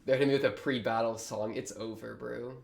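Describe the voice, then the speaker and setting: A young man hosting a reaction video, talking casually and excitably with a lot of slang as he reacts to what he watches. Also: mid-range voice, fairly quick, vocal fry. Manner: excitable, slangy, thinks aloud.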